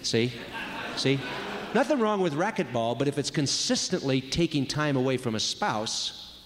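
At a marriage retreat, a man gives a conversational sermon on marriage, acting out quoted voices along the way. His mid-range voice is expressive and moderately paced. Crowd noise and the long reverb of a large hall fill the recording.

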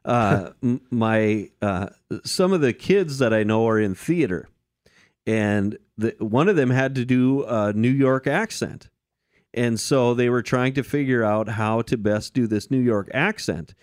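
A man's voice: mid-range voice, unhurried. A man co-hosting a racing podcast, reading schedules and chatting in an easygoing, hesitant way with frequent fillers. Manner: easygoing, hesitant with many uh's, chuckles. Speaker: podcast co-host. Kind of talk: casual chat and schedule reading.

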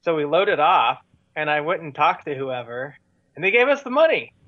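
A man, a musician, tells long stories in an interview, wandering through fillers and restarts. His voice sits a bit high. The sound is dry and somewhat muffled, like a lo-fi recording. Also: animated, moderate pace, no room sound. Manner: rambling, many fillers and restarts. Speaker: touring musician guest. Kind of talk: casual storytelling in an interview.

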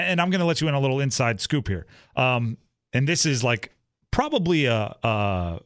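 A man's voice: medium pitch, dry recording, studio quality. A young man co-hosting a sports talk show in a casual, rambling way, acting out the teammates he quotes. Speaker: sports podcast co-host.

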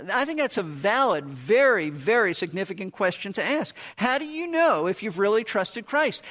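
A man's voice: high-pitched, a bit bright. A man preaching a radio Bible teaching, earnest and emphatic, often repeating key words for stress.

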